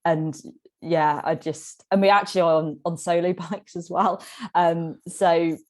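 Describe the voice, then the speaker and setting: A woman appearing as a podcast guest, a tandem cyclist, shares casual stories and laughs a lot. She's giggly and animated, often laughing mid-sentence. Her voice is on the low side and she speaks a little slowly.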